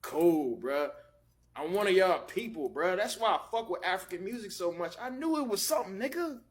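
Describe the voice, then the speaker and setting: A man reacting to his DNA results in a loud, incredulous, joking rant. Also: sits high, lively intonation, normal speed, slightly rough.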